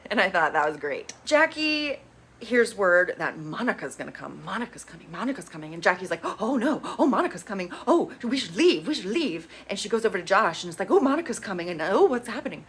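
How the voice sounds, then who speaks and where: A woman's voice: mid-range voice, bright, forceful tone. A woman casually recapping reality TV episodes, blunt and sarcastic, swearing freely. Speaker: reality TV reviewer.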